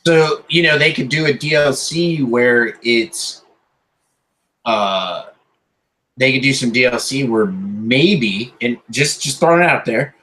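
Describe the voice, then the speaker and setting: Male podcast co-host, bright and forceful tone, casual rambling enthusiasm. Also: medium pitch, slow pace, low-quality recording. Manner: rambling, excited gamer talk with many restarts. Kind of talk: casual chat.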